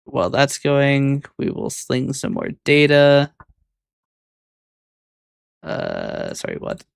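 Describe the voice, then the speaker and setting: A man casually talking to himself while editing his own clips, mildly exasperated as the software acts up. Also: mid-range voice, huge pitch swings, takes it slowly, vocal fry, smooth, no room sound.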